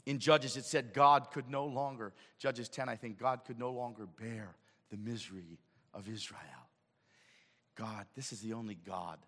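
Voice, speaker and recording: Impassioned preaching man, bright voice. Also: medium pitch, measured pace, in a large hall. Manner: impassioned preaching, swinging from hushed to shouting. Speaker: pastor. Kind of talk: sermon. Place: church sanctuary.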